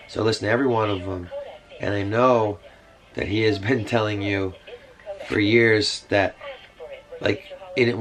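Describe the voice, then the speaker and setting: A man talks in a loose, rambling way and drifts from one aside to the next. His voice sits fairly low. Music plays clearly underneath him the whole time. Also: poor audio. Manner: meandering, full of fillers and asides. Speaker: vlogger. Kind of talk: rambling casual monologue. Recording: music playing behind.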